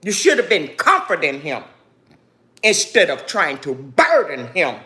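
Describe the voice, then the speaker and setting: Talking straight to her audience, this vlogger delivers an emotional monologue that is grieving, angry, defiant and preachy, with "baby" used again and again. She has a low, sing-song voice, unhurried yet pushed and bright.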